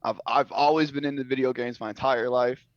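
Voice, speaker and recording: A young man and former soldier, a guest telling his story in a relaxed, laid-back way with many fillers, heard over a call. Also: medium pitch, fairly quick, no echo. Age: young adult. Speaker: guest streamer. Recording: dull lo-fi call audio.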